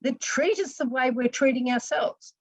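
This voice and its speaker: A high-pitched woman, a counselor appearing as a podcast guest, explains things earnestly at a moderate pace with restarts and asides. The casual conversation is recorded dry, and the audio is poor.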